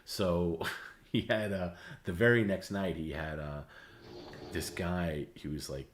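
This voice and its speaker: Man, livestream host, deep low voice, rambling, halting, casual storytelling. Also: steady tone. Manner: rambling, halting, repeats words.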